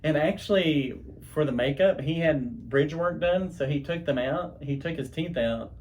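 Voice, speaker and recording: A man's voice: fairly high pitch, normal speed, a little hiss or hum. Mężczyzna chatty male podcast co-host. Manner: rambling, chatty storytelling with many restarts. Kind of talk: casual chat. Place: home podcast studio.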